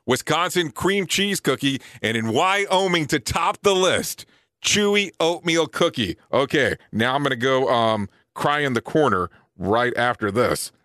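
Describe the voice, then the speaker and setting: Lively, bright-voiced male show host. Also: medium pitch, dry recording, studio quality. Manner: reads lists briskly and breaks off with surprised, joking remarks. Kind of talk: casual list-reading show with asides.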